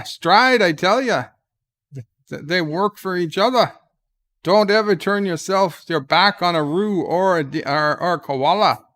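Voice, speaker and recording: A man's voice: fairly high pitch, fairly bright tone. A man voicing a rambling outback Australian storyteller, spinning tall tales in an exaggerated mock Australian accent.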